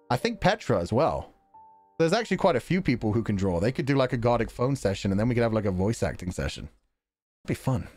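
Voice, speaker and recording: A man streaming live, reading out viewer donations and chatting in an animated, rambling way, often breaking into laughter. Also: mid-range voice.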